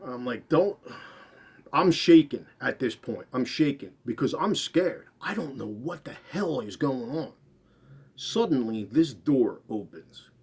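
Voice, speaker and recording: A man telling a first-person story, rambling, repeating and correcting himself, his voice trailing off quietly at the end of phrases. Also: mid-range voice, lively intonation, measured pace, breathy edge.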